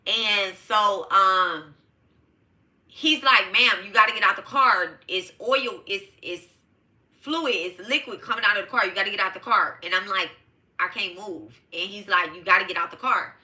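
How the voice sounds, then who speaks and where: Bright-voiced profane woman from Detroit. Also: mid-range voice, moderate pace. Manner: emphatic, profane, addresses listeners as y'all. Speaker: host of a live tarot show. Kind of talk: casual storytelling to a live audience.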